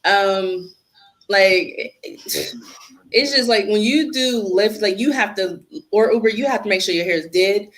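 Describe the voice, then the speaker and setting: A woman's voice: medium pitch, measured pace. A woman in her thirties, a podcast guest, chatting casually and telling stories with acted-out quotes. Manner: animated storytelling with acted-out quotes. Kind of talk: casual chat.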